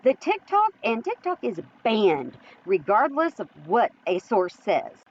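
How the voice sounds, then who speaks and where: A woman's voice: fairly high pitch, wildly swooping pitch, measured pace, lo-fi sound. A woman hosting an opinion commentary vlog, chatty and teasing, often laughing. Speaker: host.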